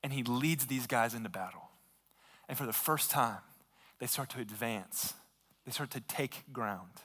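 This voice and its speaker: A man's voice: medium pitch, a little slow, fairly bright tone. A man preaching a sermon as a pastor, retelling a story casually and with lots of fillers. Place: church sanctuary. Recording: long reverb of a large hall.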